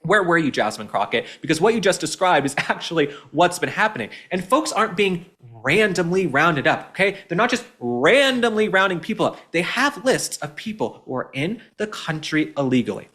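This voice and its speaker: A man from Texas hosting a political commentary show, talking in an animated, mocking and indignant way. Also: sits high, normal speed, hardly any pauses. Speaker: host.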